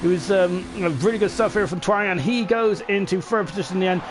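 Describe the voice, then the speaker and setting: Excitable man commentating a race. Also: sits high, quick pace, noisy background. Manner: chatty, excitable, full of tag questions and fillers. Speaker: sim racing commentator. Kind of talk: live esports race commentary.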